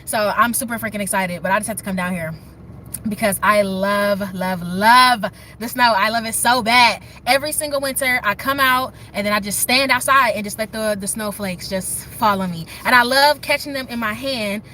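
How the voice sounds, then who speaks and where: Outdoors in the snow with her phone, a young streamer gushes to her chat in a bright, forceful, somewhat high voice, barely pausing as she talks briskly. Faint outdoor sounds hum in the background.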